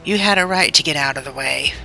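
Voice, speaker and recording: A woman reading aloud, voicing a rough, blustering big boy who speaks surlily. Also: low-pitched, fast, bright, forceful tone, soft background music, heavily acted, rough recording. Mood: rough, surly.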